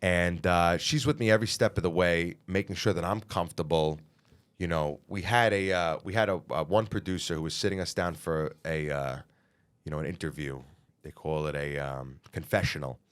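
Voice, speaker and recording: A man, a singer being interviewed, telling his story in a lively way, swearing freely and acting out what people said. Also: low voice, normal speed, smooth. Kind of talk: animated storytelling.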